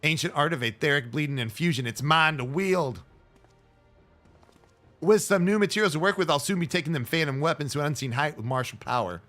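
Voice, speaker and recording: A man voicing a gruff, boozy male master smith who is lazy and proud, reading game dialogue aloud in bluff, old-fashioned phrasing. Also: a little high, fairly quick, a bit bright, soft background music, close to an everyday voice.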